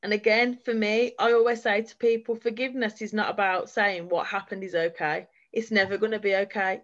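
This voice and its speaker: A woman with a medium-pitched, fairly bright voice speaks as a guest at a forum, sharing her own experience in an earnest, heartfelt testimony. She talks in long, flowing runs, and the recording has a lo-fi quality.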